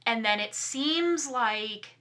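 Woman ranting about a movie on a podcast, super bright voice, lots of emphasis and restarts. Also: fairly high pitch, slow. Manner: animated, emphatic, restarts often, mimics lines. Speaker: podcast co-host. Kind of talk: casual movie review chat.

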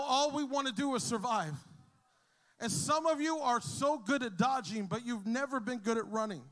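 A man who is a pastor, preaching a sermon to his congregation, telling a story with humor and rising to shouts. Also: very high-pitched, normal speed. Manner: storytelling, jokes with the crowd, builds to shouting. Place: church hall with a congregation.

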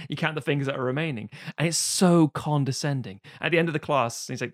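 A man, co-hosting a podcast, reviewing a film in casual, sweary, animated chat. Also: on the high side, fast, dry recording, clean studio sound. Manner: sweary, animated retelling of scenes. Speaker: podcast co-host reviewing films.

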